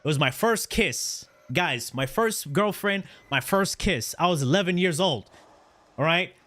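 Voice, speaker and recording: A man in his thirties spins a personal story for his stream chat in a loose, slangy voice, cursing freely and tossing in "right?" after nearly every point. His voice sits fairly high and rings very bright and forward. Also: measured pace. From Canada. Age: 30s. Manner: animated, slangy, profane, repeats "right?".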